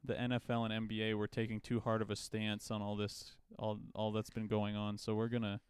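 A man's voice: lowish voice, completely flat delivery, a little fast, smooth, no echo. Laughing, swearing Canadian podcast guy. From southern Ontario, Canada. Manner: laughs often, swears freely. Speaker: podcast co-host. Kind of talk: casual chat.

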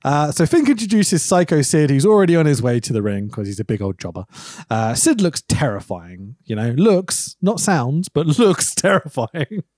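Lively man with dry sound. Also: normal speed, no room sound. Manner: animated, breaks into high laughs and shouted impressions. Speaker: podcast co-host. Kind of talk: casual chat.

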